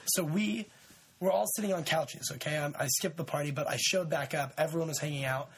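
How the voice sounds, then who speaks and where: A man's voice: a little high, steady tone, brisk, breathy edge. Laid-back young man telling stories. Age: 20s. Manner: laid-back, rambling with many fillers and shout-outs. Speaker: podcast host. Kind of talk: casual storytelling chat.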